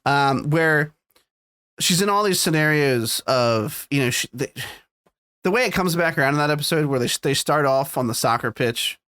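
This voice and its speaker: Animated man retelling scenes, dry mic. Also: a little high, normal speed, no room sound. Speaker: podcast co-host. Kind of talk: casual chat.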